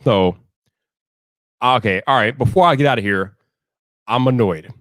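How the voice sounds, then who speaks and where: A man hosting a casual live stream, talking in an animated way, repeating himself and ranting loudly when annoyed. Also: medium pitch, measured pace, no echo, clean studio sound.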